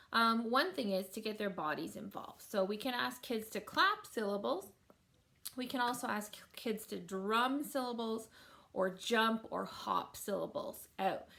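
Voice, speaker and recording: A woman's voice: medium pitch, vocal fry, a bit bright. A woman teacher giving a recorded lesson to families, patiently sounding out words syllable by syllable.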